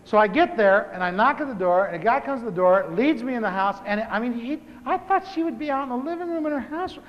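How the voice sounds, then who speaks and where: A man in his fifties with a notably high voice for a man, preaching a humorous testimony in a lively, storytelling way. He repeats words for comic timing. The sound is a live talk in a church hall with a long echo and a faint hiss behind it. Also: fast talker, dull audio. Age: 50s. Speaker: pastor.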